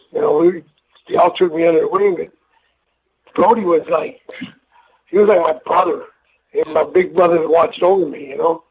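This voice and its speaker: A man's voice: on the high side, darkish tone, a little hiss or hum, poor audio. An older man, a retired wrestler, telling rambling, profane, emotional stories in a casual interview. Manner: rambling, profane, emotional storyteller who acts out voices.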